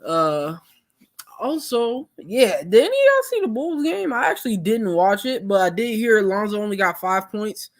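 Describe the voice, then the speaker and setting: A young man hosting a live stream, chatting casually with viewers in a relaxed, rambling way full of fillers. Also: high voice, normal speed. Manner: laid-back, rambling, many fillers.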